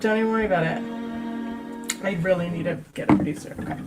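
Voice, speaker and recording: A woman running a streamed tabletop game as game master, chatty, jokey and quick to poke fun at herself. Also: on the low side. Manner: chatty, jokey and self-mocking. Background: faint dramatic music.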